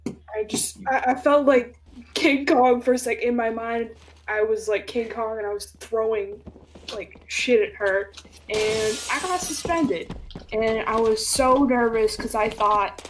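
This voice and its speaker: A young woman with a slightly high voice tells stories on her stream in a loose, animated way. She laughs easily, swears freely and acts out what people said. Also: measured pace, noisy background. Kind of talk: casual storytelling chat.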